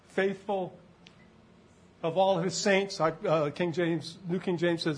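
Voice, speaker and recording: A man with a fairly high voice delivers a relaxed, conversational sermon. He keeps tossing questions out to the congregation and waits for their answers. It sounds like a church service in front of a live crowd. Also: takes it slowly, breathy edge. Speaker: preacher.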